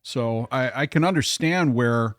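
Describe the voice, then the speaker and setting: A man co-hosts a relaxed bar podcast, warmly enthusiastic as he reacts to the guest's stories. His mid-pitched voice is recorded close on a dry mic. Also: measured pace, no room sound. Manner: enthusiastic, admiring. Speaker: podcast co-host. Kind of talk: casual bar podcast chat.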